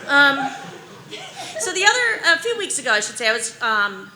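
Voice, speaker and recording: A woman's voice: sits high, normal speed, noisy background. A woman in her forties doing stand-up, telling rambling, self-deprecating stories packed with "like" and "um.". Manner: rambling, animated, heavy use of fillers like "like" and "um"; self-deprecating, anxious humor. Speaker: stand-up comedian. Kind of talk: stand-up storytelling.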